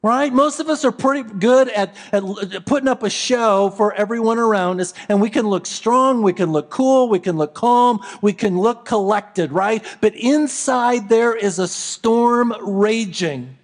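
A man giving a Christmas Eve sermon as a pastor, telling a story with repeated phrases that build and then fall soft. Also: high-pitched, gravelly.

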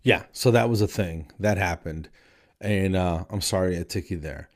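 A man's voice: low-pitched, normal speed. A man hosting his own comedy podcast, rambling and exasperated, tired late at night. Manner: rambling, exasperated, repeats himself. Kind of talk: casual stand-up style monologue.

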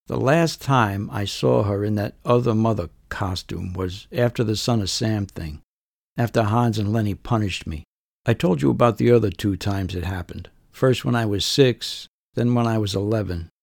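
A man narrates his own story in scripted first person, measured and understated, with a wry edge. His voice is low and gravelly. The recording is dry and close. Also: darkish tone, no room sound.

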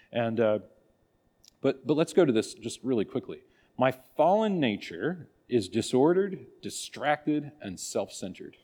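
A man with a fairly low, dark voice leads a church catechism class in casual, folksy talk. He keeps restarting his sentences and acts out little asides as he goes.

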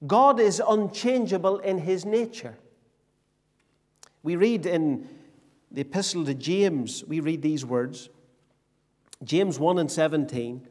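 Male preacher from Northern Ireland, high voice, deliberate emphatic delivery, echoing church hall. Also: animated, a little mellow. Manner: emphatic, slow, repetitive preaching with rhetorical questions. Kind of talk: sermon. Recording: long reverb of a church hall.

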